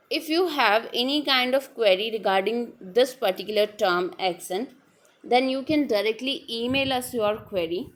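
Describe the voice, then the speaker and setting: A woman explains a literary term in a lecture, repeating her definitions and pausing on fillers. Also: medium pitch. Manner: repetitive, restating definitions with frequent fillers. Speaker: literature teacher.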